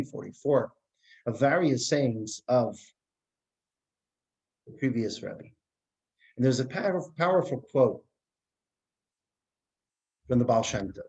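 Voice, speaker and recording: A man teaching a Torah class who tells a parable in a lively way. He restarts phrases often and uses Hebrew terms. His pitch is mid-range. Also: dull audio.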